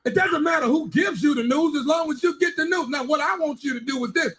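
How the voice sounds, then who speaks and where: A man making a radio prank call, calm and deadpan as he keeps provoking. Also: very high voice, quick pace. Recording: radio broadcast with crowd noise.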